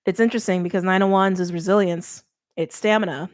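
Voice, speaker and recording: A young woman with a slightly low voice reads tarot cards in a loose, conversational way. She talks with emphasis, repeats herself and breaks off mid-thought. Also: fairly even intonation, fast talker. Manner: chatty, emphatic, self-interrupting. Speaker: tarot reader. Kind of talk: casual tarot reading.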